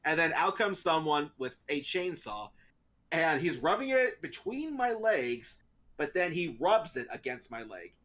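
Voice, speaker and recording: Animated, bright-voiced man telling stories. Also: a little high, measured pace. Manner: animated storyteller, laughs often. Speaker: podcast co-host. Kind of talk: casual chat.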